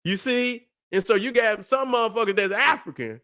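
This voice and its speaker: On his livestream, a man lectures preachily in a high, pushed, bright voice at a moderate pace. He swears, stresses his points hard, and constantly checks in with "you see what I'm saying."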